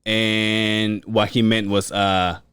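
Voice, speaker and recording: A man's voice: lowish voice, flat delivery, slow, a bit bright, clear, resonant tone, no room sound, studio quality. A man in his thirties, a podcast co-host, telling a profane story in casual chat and acting out the quotes. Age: 30s.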